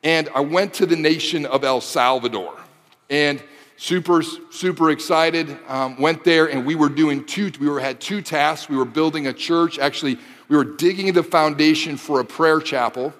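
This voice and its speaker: Preacher guy from the detroit area, kinda high voice, gets fired up with repeated lines, casual jokes to the crowd, big hall reverb. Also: normal speed, fairly bright tone. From Michigan, Detroit area. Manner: builds to impassioned, rising emphasis with repeated phrases; casual asides to the audience. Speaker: pastor. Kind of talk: sermon.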